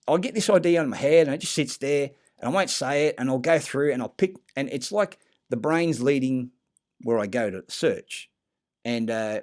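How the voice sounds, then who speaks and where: Brief: man, mid-pitched, rambling conspiracy monologue, swears a lot, stumbles and restarts. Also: a little mellow. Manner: profane, halting, many fillers and restarts. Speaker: conspiracy talker.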